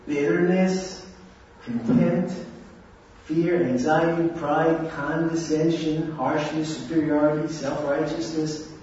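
A man delivers a sermon in a plain, talkative way, often turning to the listeners. His voice sits a little high. It comes from a distance in a heavily echoing hall, with a dull lo-fi sound. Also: a little mellow, slight background noise. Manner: conversational, asks the audience "right?". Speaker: preacher. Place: church or hall.

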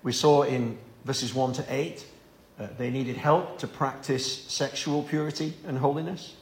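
A man's voice: medium pitch, steady tone, measured pace, reverberant. A man preaching an evening Bible-study sermon, earnest and given to repeating words as he stresses a point.

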